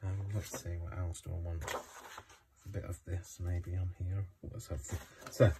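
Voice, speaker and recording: A man with a very deep voice chats casually while he crafts. He rambles and fills his talk with ums and restarts. A faint noise sits behind him. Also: level tone, moderate pace. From Coventry, England. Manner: rambling, chatty, many fillers. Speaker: craft vlogger.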